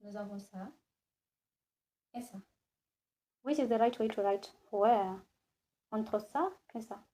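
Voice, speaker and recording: A woman teaching French in a classroom, slowly repeating each word again and again and switching between English and French. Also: mid-range voice, dark tone. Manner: slow, repeats words many times, mixes English and French. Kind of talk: classroom lesson.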